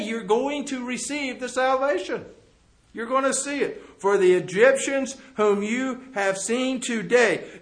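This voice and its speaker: A man preaching a sermon, reading scripture aloud and explaining it, with rhetorical questions and sudden drops to a quiet, low voice. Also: a little slow. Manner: swings from loud emphatic reading to low quiet asides.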